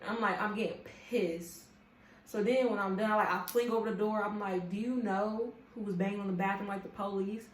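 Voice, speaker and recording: Young woman vlogger, animated and profane, in an echoey room. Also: mid-range voice, a little fast. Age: young adult. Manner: animated, profane, talks straight to viewers. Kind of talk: casual storytime chat. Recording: echoey room with faint ambience.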